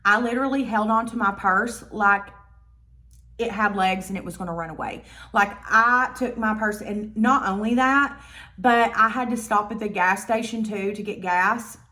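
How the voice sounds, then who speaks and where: A woman telling a storytime vlog in a blunt, profane, animated way. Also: medium pitch, moderate pace. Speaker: vlogger.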